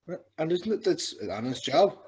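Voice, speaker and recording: Husky-voiced man in casual chat. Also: on the high side, big pitch swings, brisk, darkish tone. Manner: laid-back, short agreeing remarks. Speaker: podcast host. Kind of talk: casual film review chat.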